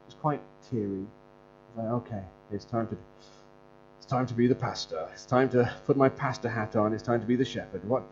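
A man preaching an earnest, conversational sermon, telling stories with the odd filler and restart. His voice sits at an ordinary pitch for a man. The recording is dull and lo-fi, with a clear mains hum running behind him. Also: steady tone, fairly quick. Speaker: pastor and Bible school leader.

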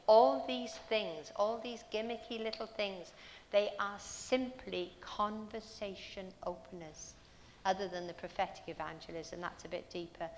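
A woman's voice: mid-range voice, big-room sound, slight background noise. A woman preaching a sermon in a church, telling stories earnestly and asking her listeners rhetorical questions.

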